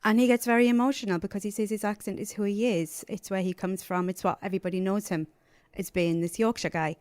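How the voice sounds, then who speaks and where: A middle-aged woman from Northeast England with a softened Geordie accent, talking earnestly as a panelist in a podcast discussion. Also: medium pitch, fairly even intonation, fast, no room sound.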